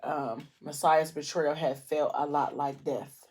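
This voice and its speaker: A woman with a notably low voice recaps a novel for her viewers in a loose, chatty vlog. She tells it with feeling and plenty of "um" and "like" as she goes. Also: steady tone, takes it slowly, a little mellow, husky. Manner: chatty, emotional retelling with many fillers. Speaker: book vlogger. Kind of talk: casual book recap while eating.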